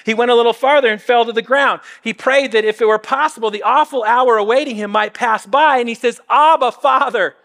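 A man's voice: sits high, a bit bright, in a large hall. A man preaching a sermon in an earnest, conversational way, acting out quoted lines. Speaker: pastor.

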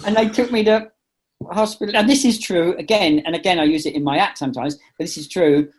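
A middle-aged man, an impressionist, telling a funny story over a video call. He is animated and laughs at his own jokes. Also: high-pitched, fairly quick. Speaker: impressionist and comedian guest. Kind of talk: casual anecdote telling.

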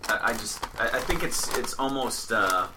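A man in casual chat, rambling and restarting, then animated when telling stories. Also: medium pitch, moderate pace, background noise.

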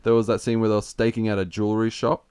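Low-voiced man swearing through a casual recap. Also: level tone, fast talker, darkish tone, clean tone, dry recording. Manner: profane, jokey, keeps adding "bloody" for emphasis. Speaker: podcast co-host. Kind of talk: casual chat recapping a TV episode.

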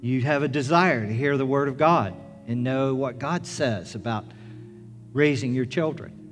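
A middle-aged man, a pastor, preaching a sermon in an earnest storytelling manner, rising to loud excitement as the story builds. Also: mid-range voice, normal speed. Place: church sanctuary. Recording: reverberant church with music.

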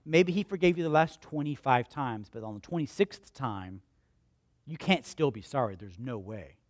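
A male pastor preaching a sermon. He repeats lines for emphasis, asks questions and answers them himself, and moves between loud emphatic peaks and quiet storytelling. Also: mid-range voice, animated, normal speed, no echo, clean studio sound.

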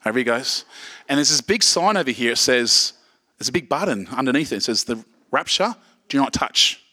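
A man's voice: mid-range voice, lively intonation, fast talker, pushed and bright. A middle-aged Australian man preaching a sermon in a casual, joking way, checking in with "okay" often. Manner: casual, joking, lots of okays and restarts. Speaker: pastor.

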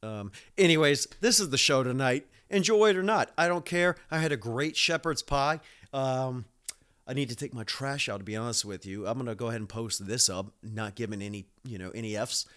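A man's voice: medium pitch, brisk, a bit bright, clear, resonant tone. Man, thirties, podcast host, rambling, profane, lots of fillers. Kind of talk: casual monologue.

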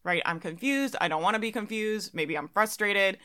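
A woman's voice: mid-range voice, lively intonation, moderate pace, fairly bright tone. A young adult woman talking casually as a business coach, laughing now and then at her own examples. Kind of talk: casual monologue.

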